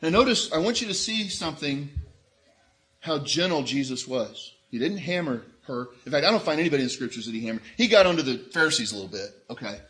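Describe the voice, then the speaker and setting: A man preaching a sermon in an animated way, acting out the voices of people in the story he tells. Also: on the high side, quick pace. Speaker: pastor.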